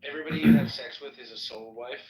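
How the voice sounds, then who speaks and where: A man's voice: medium pitch, fast, creaky, roomy sound, a crowd in the background, poor audio. A man co-hosting a podcast, chatting casually and teasing with jokes. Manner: teasing and joking. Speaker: podcast co-host. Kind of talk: casual chat.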